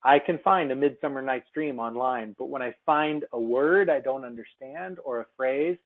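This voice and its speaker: A man's voice: mid-range voice, moderate pace. Man on a tinny webinar line. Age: adult. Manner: chatty, many fillers and restarts. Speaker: software seminar presenter. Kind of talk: screen-share webinar demo. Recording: tinny phone-like webinar audio.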